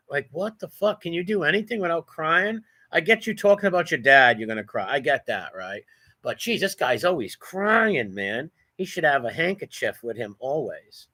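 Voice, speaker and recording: A blunt New man hosting a reaction commentary, mocking and profane. His voice is bright and somewhat high, with a forceful edge. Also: lively intonation, moderate pace. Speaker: commentary channel host.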